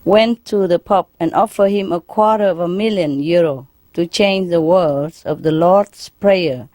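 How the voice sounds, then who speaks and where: A woman's voice: lowish voice, a little slow, dark tone, no room sound. A woman telling jokes in a lecture, often chuckling and asking the audience questions. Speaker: spiritual teacher lecturing an audience. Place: lecture hall in Paris.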